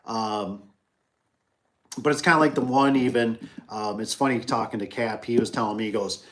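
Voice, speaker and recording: A man's voice: medium pitch, moderate pace, slight background noise. A middle-aged man who runs a business, chatting casually on a livestream, rambling through stories, repeating phrases and acting out the people he quotes. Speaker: business owner hosting a livestream.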